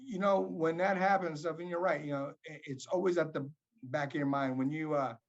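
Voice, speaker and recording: A man's voice: fairly high pitch, fairly even intonation, brisk, dull audio. A man speaking as a boxing coach in a casual interview, telling his story in a reflective, rambling way.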